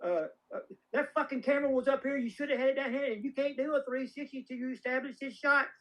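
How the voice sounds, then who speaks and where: A man's voice: extremely high pitch, fast talker, fairly bright tone, voice pushed up. A man putting on a brash, foul-mouthed old woman producer. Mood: scolding. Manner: blunt, cussing, bossy. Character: tiny old woman Hollywood producer, brash, profane, blunt mentor.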